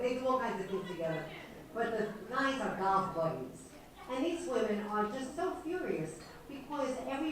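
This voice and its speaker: An older woman giving a humorous talk, telling jokes to an audience and acting out the lines of the people in them. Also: medium pitch. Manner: animated storyteller, acts out lines of jokes. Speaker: speaker telling jokes to seniors. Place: large hall with a live audience. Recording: echoey hall, voice from far off, crowd audible.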